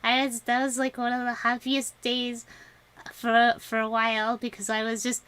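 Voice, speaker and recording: A woman's voice: a little high, completely flat delivery, normal speed, a bit bright, clear, resonant tone, no room sound. A young woman streaming to viewers and chatting casually, laughing often and rambling with many restarts. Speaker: vtuber streamer.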